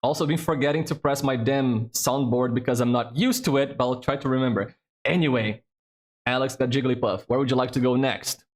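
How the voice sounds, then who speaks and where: A man's voice: mid-range voice, fairly quick. A man hosting a trivia game on a live stream, chatty and casual, swearing freely as he thinks aloud.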